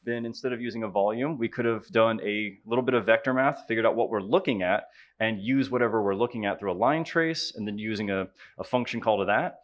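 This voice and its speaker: A man with a Southern US accent giving a live conference tutorial, upbeat and chatty, joking with the audience as he runs a software demo. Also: lowish voice, a little fast. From Southern United States. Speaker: conference presenter.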